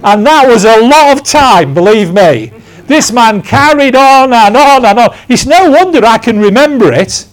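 An older English man giving a chatty sermon in a church, his voice riding high for a man and swinging widely in pitch. He tells stories with emphatic, self-deprecating asides. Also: lively intonation, normal speed, hardly any pauses. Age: 60s. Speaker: preacher. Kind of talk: conversational sermon.

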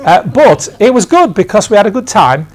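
An older English man giving a chatty sermon in a church, his voice riding high for a man and swinging widely in pitch. He tells stories with emphatic, self-deprecating asides. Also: big pitch swings, normal speed, darkish tone. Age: 60s. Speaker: preacher. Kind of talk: conversational sermon.

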